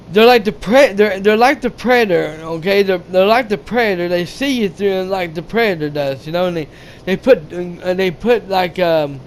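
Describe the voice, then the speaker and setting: Halting, high-pitched man recapping a film for his channel, faint hiss behind. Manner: rambling, halting retelling with many restarts; casual and profane. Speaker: gaming channel host. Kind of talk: casual movie recap.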